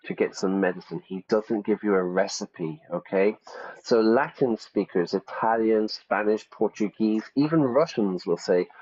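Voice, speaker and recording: Lively male English teacher. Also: fairly low pitch. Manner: lively, explains aloud, thinks out loud. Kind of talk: live-stream lesson while playing a game. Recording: slightly dull, faint music.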